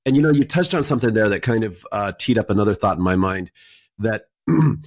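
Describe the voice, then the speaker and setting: A man with a somewhat low voice hosts a podcast conversation, recorded dry and close. He asks his questions in a measured, thoughtful way, pausing over his words. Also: animated, a little mellow, no echo. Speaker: podcast host. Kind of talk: interviewer conversation.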